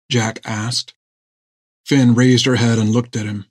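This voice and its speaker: A man narrating a story in a measured storytelling manner. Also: fairly low pitch, little pitch movement, no room sound, studio quality. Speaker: audiobook narrator. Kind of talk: scripted narration.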